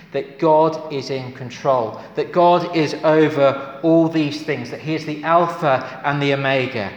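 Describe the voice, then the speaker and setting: A man preaching a sermon in a church. He speaks earnestly, asks his congregation rhetorical questions and rises to emphatic exclamations. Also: mid-range voice. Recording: echoey hall with long reverb.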